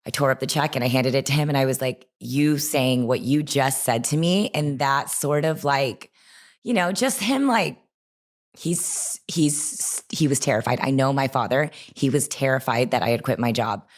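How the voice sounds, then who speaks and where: A young woman with a low voice tells her story in a lively, chatty way, sprinkling in "like" as she goes. She sounds animated and open, as a guest talking it through in conversation. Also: moderate pace. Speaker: guest, online creator.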